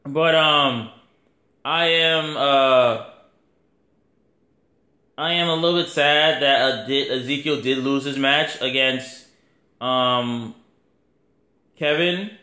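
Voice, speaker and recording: A man's voice: medium pitch, takes it slowly, long pauses, pushed and bright, roomy sound. A man hosting his podcast, giving a casual, rambling wrestling review full of slang and fillers. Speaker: podcast host.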